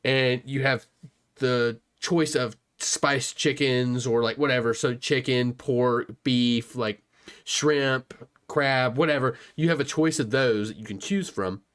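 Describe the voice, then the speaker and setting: Young american man, mid-pitched voice, teasing and profane, casual podcast banter. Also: slow, a bit bright. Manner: profane, teasing, laughs often. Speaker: podcast co-host.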